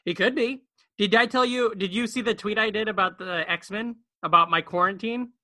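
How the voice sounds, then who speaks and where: Man, podcast co-host, rambling joker, bright tone. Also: sits high, no echo. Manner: rambling, jokey, talks fast and repeats words. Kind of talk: casual chat. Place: bedroom at home.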